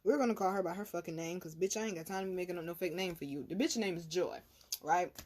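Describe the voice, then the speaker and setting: A woman host telling a personal story in a blunt, animated, profane way. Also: on the low side, quick pace, a little hiss or hum. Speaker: tarot reader and channel host. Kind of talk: casual storytelling.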